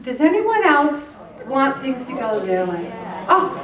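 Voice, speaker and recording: High-voiced middle-aged woman telling stories. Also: a little slow, distant mic. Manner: animated, self-mocking, laughs often through the story. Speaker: host of a faith talk show. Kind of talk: personal storytelling talk on faith. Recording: roomy sound, voice off-mic, faint background noise.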